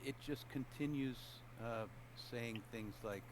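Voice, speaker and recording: A man narrating a tabletop roleplaying game as game master, calm and matter-of-fact. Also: medium pitch, measured pace, noisy background.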